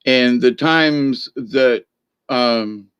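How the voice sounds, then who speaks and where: A man's voice: medium pitch, extremely slow, fairly bright tone, clear, resonant tone, no echo, dull audio. Feisty, folksy man talking spirituality. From northern United States. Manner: folksy, laughs often, calls himself feisty. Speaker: livestream host reading viewer comments. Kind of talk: rambling spiritual talk.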